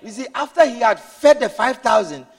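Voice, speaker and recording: High-voiced male preacher, very animated, lots of hallelujah and amen, big echoey church hall. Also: moderate pace. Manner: swings between hushed storytelling and shouted exclamations, repeats words. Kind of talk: sermon. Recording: long hall reverb.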